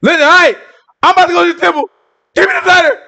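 A man's voice: very high-pitched, steady tone, very fast, gravelly, voice pushed up, exaggerated voice. A preacher acting out King Hezekiah, panicking and giving frantic orders in a sermon retelling. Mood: panicked. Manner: frantic, shouting.

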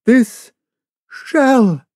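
A man voicing an excited, learned male naturalist in an audiobook reading, with a raised, exclaiming delivery. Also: very high-pitched, drawn-out words, no echo, clean studio sound, pitched above the performer's own voice, full character voice.

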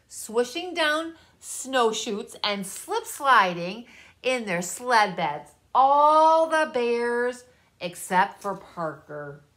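A woman reading a children's story aloud and talking directly to the children listening. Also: on the high side. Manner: animated, talks directly to children.

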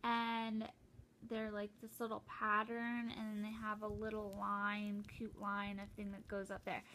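A young woman chatting casually and excitedly while opening a gift at home, rambling with lots of fillers and restarts. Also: medium pitch, a little slow, slight background noise. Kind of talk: casual unboxing chat.

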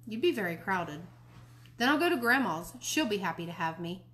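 A woman reading a children's book aloud, voicing a patient mother who speaks in a calm, reasonable way. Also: medium pitch, moderate pace, slight background noise.

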